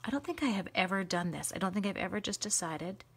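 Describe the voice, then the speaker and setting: A woman hosting a live craft stream, chatting to viewers as she colors, quick to gush and laugh. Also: mid-range voice, husky. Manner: chatty, excitable, talks to viewers while coloring.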